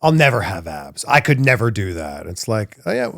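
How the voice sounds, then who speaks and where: A man's voice: on the low side, sing-song, moderate pace, a bit bright, no room sound, studio quality. Enthusiastic male interview host. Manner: enthusiastic, acts out the crowd's voice. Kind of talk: casual interview. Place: podcast studio.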